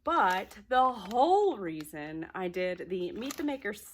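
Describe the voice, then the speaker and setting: A woman vlogging about crafts in a chatty, excited way, a little out of breath. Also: mid-range voice, unhurried. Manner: excited, chatty, laughs often. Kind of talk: casual chat to camera.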